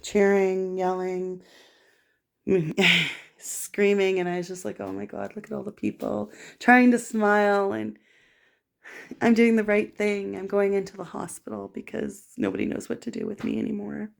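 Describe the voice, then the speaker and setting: Gravelly woman telling her story. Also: medium pitch, flat delivery. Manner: rambling, raw and halting, with restarts. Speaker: vlogger. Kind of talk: emotional personal monologue.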